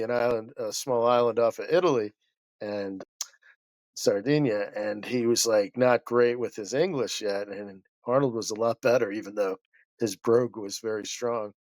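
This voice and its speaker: A man's voice: medium pitch, normal speed, darkish tone, no echo. A man who is a guest chiropractor, telling a story in a rambling, passionate way that keeps interrupting itself.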